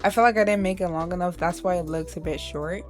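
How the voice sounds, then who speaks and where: A woman's voice: lowish voice, fast talker, faint music behind. A young woman narrating a crochet tutorial in a casual, playful way, talking to viewers as "y'all" and laughing at her own struggles. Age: young adult. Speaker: crochet vlogger.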